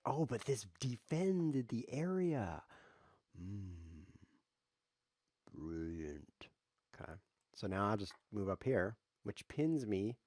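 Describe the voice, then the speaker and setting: Low-voiced joking chess streamer man. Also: slow, pauses often, no echo, studio quality. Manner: jokey, rambling deadpan asides. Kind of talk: playful live commentary while playing.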